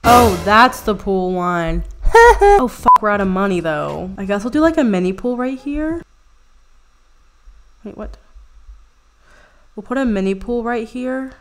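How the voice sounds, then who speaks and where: A young woman YouTuber giving casual gameplay commentary, chatty and excitable, swearing often and mocking herself. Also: mid-range voice, measured pace, pauses often.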